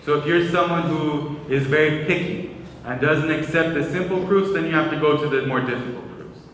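A man giving a religious lecture, explaining ideas in a measured way and restarting phrases as he goes. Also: fairly high pitch, a bit bright, a little hiss or hum. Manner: measured, explanatory, repeats words when restarting. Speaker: Islamic lecturer. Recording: echoey hall, speaker far from mic.

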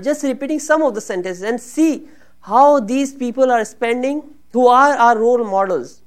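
High-pitched lady preaching, earnest, gets worked up on the prayer parts. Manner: earnest, rises and grows emotional when voicing supplications. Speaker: religious speaker. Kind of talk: sermon.

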